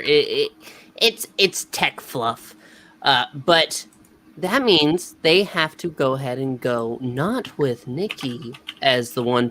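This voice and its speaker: A man's voice: medium pitch, pushed and bright. A man hosting a casual TV episode review, rambling with many fillers. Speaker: host.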